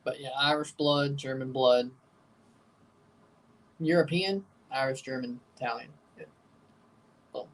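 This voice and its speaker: A man's voice: medium pitch, unhurried, pauses often, fairly bright tone, recorded from a distance. A man hosting a live watchalong stream, chatting casually and rambling, often repeating himself and chuckling. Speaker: livestream watchalong host. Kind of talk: casual live reaction chat.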